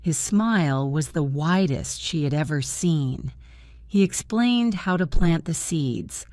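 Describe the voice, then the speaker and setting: Woman, story narrator, calm, slow, low pitch, dry sound. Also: no room sound. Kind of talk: slow graded reader narration for learners.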